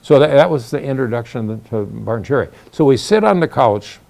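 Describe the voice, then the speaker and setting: Folksy older man with a gravelly voice. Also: medium pitch, animated, a little fast, a little mellow. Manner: folksy, acts out quoted voices. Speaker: storyteller recounting the founding. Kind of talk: casual spoken storytelling.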